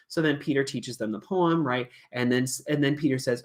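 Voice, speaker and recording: A woman's voice: very deep voice, brisk, hardly any pauses, a little mellow. A woman who teaches music to kindergartners, explaining her classroom puppet lessons in a chatty, storytelling way from a small office.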